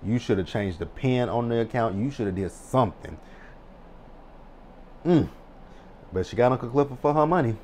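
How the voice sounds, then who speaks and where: A man in his thirties casually recapping a TV episode, animated and excitable, swearing freely. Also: mid-range voice, fast, few pauses, slight background noise. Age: 30s. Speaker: TV recap vlogger.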